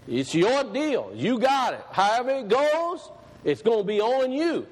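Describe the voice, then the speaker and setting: A man delivers a sermon in a high, light voice. He talks in a conversational way and repeats phrases to drive them home. When he reads scripture he slows down and lifts his voice, and a long reverb from the hall trails behind him. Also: big pitch swings. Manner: slows and rises when reading scripture aloud. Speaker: preacher.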